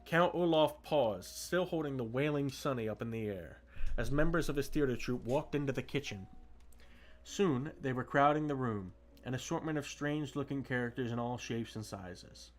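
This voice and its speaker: A man reading a storybook aloud on a stream, steady with occasional restarts. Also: mid-range voice, normal speed. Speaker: streamer reading books to chat. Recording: faint music behind.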